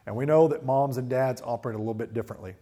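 A middle-aged man preaching a sermon, telling stories and acting out quotes with lively voices. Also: medium pitch, very fast. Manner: storytelling with animated acted-out quotes. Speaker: pastor.

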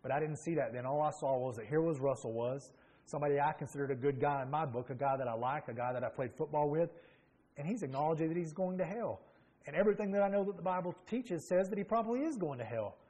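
A man's voice: a little high, quick pace, darkish tone. Earnest man giving a sermon testimony. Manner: earnest, reflective storytelling with restarts and um's. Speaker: preacher giving his testimony.

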